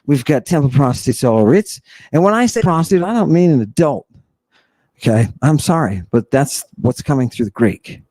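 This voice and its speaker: A man's voice: mid-range voice, animated, brisk, mellow, no room sound. A man hosting a podcast, delivering an impassioned lecture-style monologue with emphatic, sardonic rhetorical questions. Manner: mocks opponents with exaggerated put-on voices. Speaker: podcast host.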